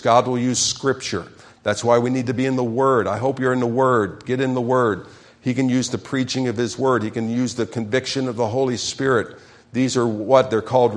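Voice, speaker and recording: A male pastor delivering a sermon in an emphatic, direct way. He keeps turning to his congregation with questions and prompts, pressing each point home at a mid-range pitch.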